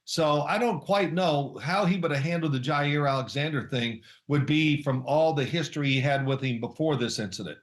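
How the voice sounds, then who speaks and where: A man's voice: fairly high pitch, normal speed, few pauses, reverberant. Older man telling rambling stories. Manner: rambling storyteller, chuckles through anecdotes. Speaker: guest, former NFL quarterback. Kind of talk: casual interview chat.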